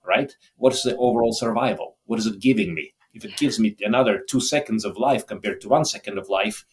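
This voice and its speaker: Man, middle-aged, low voice, emotional, reflective, halting restarts, interview guest. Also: slight background noise. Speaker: podcast guest, holistic doctor. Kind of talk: candid interview talk.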